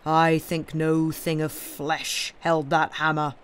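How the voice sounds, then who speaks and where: A man reading aloud, voicing a huge brooding blacksmith who speaks in loud, grave declarations. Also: a little high, a little slow, slight background noise, close to an everyday voice. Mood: grim. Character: huge brooding male blacksmith, grim and devout.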